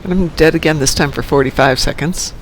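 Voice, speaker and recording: A man's voice: on the high side, brisk, a little hiss or hum. A man giving casual, joking commentary while playing a video game, poking fun at himself and his team. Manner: joking, self-mocking, makes pew-pew sounds. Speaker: gameplay commentator.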